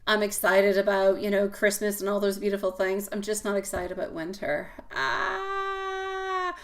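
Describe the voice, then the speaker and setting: A woman hosting a live tarot stream, chatting casually with viewers and calling them sweetie and my love, swinging from loud exclamations to soft asides. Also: medium pitch, level tone, fairly quick.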